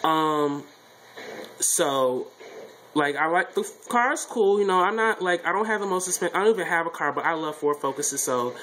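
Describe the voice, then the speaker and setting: Bright, animated young man reviewing. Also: fairly high pitch, moderate pace, rough recording. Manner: repetitive, animated, blunt opinions. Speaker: reality show reviewer. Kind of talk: casual vlog review.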